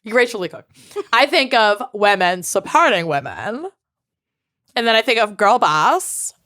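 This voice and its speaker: A woman's voice: mid-range voice, lively intonation, unhurried, pushed and bright, no room sound, clean studio sound. A young woman co-hosting a podcast, casually telling a true crime story and often breaking into giggles. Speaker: podcast co-host.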